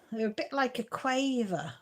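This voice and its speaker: A middle-aged woman, hosting a casual live stream, reading comments and often breaking into giggles. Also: fairly high pitch. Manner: giggly, self-deprecating, chatty.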